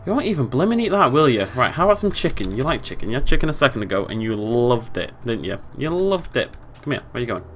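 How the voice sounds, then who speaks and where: A man's voice: medium pitch, sing-song, quick pace, hardly any pauses, a little hiss or hum. A young British man giving casual, chatty let's play commentary, playfully talking to the game animals.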